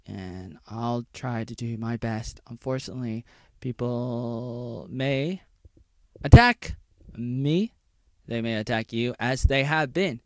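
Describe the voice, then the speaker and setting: A man talking on his own in a rambling vlog, sliding from loud bursts to low muttering. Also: slow pace, no echo. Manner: rambling, jumps between mocking squeals and low muttering. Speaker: vlogger.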